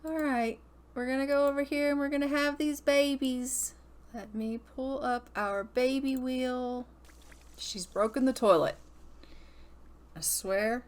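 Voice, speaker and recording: A young woman casually commenting on her gameplay in a chatty way, speaking her characters' thoughts in quick asides. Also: sits high. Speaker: gaming video host.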